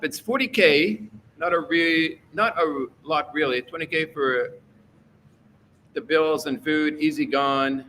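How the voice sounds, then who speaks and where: A man's voice: fairly high pitch, slow pace, pushed and bright, slight background noise. A man hosting a casual livestream, reading out chat and rambling through his opinions with many fillers.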